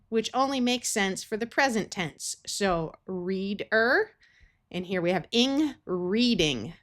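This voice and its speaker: A woman's voice: mid-range voice, fairly bright tone. An American woman teaching a phonics lesson, sounding out words carefully in parts. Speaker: reading tutor.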